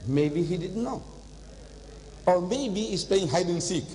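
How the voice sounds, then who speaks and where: An older man giving an animated religious lecture, telling stories and slipping in phrases. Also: high voice, takes it slowly, a little hiss or hum. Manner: animated storytelling, switching into Hindi-Urdu phrases. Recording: long hall reverb.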